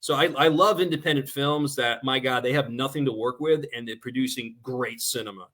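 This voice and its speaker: A man with a nasal New York accent, chatting animatedly as a guest filmmaker and telling stories quickly. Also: medium pitch. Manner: fast-talking, animated storyteller. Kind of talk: casual talk-show chat.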